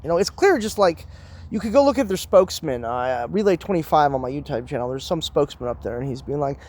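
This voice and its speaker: A man's voice: a little high, expressive, fast talker, a little mellow. A man hosting his own channel, delivering a profane, emphatic solo rant from the United States. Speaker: channel host.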